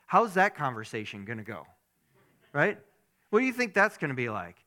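A man's voice: on the high side, moderate pace, long pauses. A male pastor preaching a conversational sermon, often checking in with the congregation with "right?" and acting out bits. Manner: conversational, animated, asks the congregation questions.

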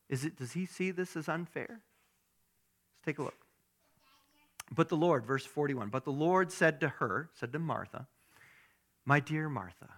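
Bright-voiced, chatty male pastor. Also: fairly high pitch. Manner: conversational, animated, asks the congregation questions. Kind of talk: sermon.

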